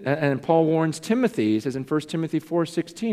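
A male pastor delivers a confessional sermon, turning hard questions back on himself. His voice sits a little high for a man. Long reverb from a large hall trails after each phrase. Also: lively intonation, a little fast, dark tone. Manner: earnest, confessional, self-questioning.

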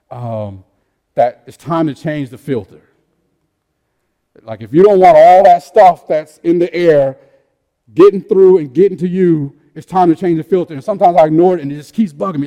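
A man preaching a sermon in a conversational way, telling stories, asking rhetorical questions, and swinging between loud emphatic peaks and quiet, low asides. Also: in a large hall. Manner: rhetorical questions and repeated phrases. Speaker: pastor.

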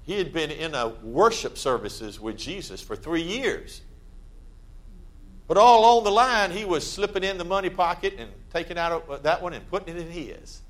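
Man preaching with loud bursts. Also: fairly high pitch, lively intonation, normal speed. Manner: conversational preaching with sudden loud emphatic bursts. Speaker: pastor. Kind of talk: sermon. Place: church.

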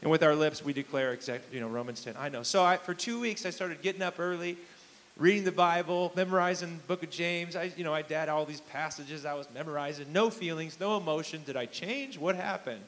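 A man's voice: fairly high pitch, a little fast, fairly bright tone, poor audio. A man in his thirties, a pastor preaching a sermon in a conversational, emphatic way, often asking the congregation questions. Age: 30s. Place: church hall with a live congregation.

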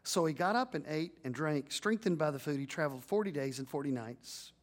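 A man's voice: fairly high pitch, lively intonation, brisk. A man preaching a sermon as pastor, building to emphatic peaks and leading the congregation in call-and-response.

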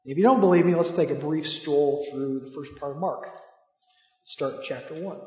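A man's voice: on the high side, normal speed, mellow. A man preaching a sermon in a conversational way, asking the listeners rhetorical questions. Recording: echoey hall, dull lo-fi sound.

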